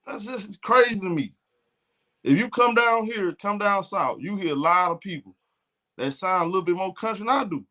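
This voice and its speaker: High, bright Alabama trash-talker. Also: male voice, normal speed. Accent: Southern US, Alabama. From Alabama, US South. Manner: blunt, profane trash talk. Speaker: sports streamer. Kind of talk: casual live game commentary.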